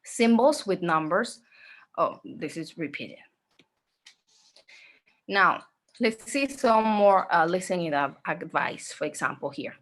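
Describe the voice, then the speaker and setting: A woman teaching an online exam-prep class, speaking slowly, repeating herself and often checking in with "okay?". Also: lowish voice, lively intonation, fairly bright tone. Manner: slow, repetitive, checks in with "okay?".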